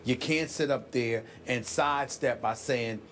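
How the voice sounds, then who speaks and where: A man co-hosting a sports debate show in a TV studio, talking forcefully and building emphasis while a little under the weather. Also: mid-range voice, measured pace, a little hiss or hum. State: sick, clears throat.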